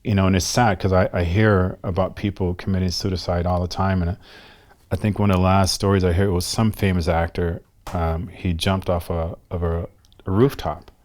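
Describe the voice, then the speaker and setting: A man in his fifties, a guest telling a personal story in an interview in a soft-spoken, reflective and earnest way. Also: low-pitched, flat delivery, moderate pace. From United States. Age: 50s.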